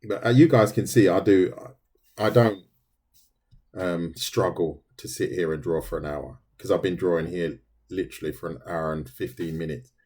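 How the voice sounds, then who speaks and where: Drawing on a livestream, this middle-aged man chats easily with viewers and says "mate" a lot. He speaks at normal speed in a low, mellow, husky voice.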